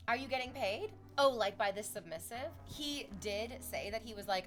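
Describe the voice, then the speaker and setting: A woman's voice: mid-range voice, moderate pace, few pauses, soft background music. Sarcastic, rambling young streamer woman. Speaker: livestreamer chatting with viewers. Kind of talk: casual stream chat.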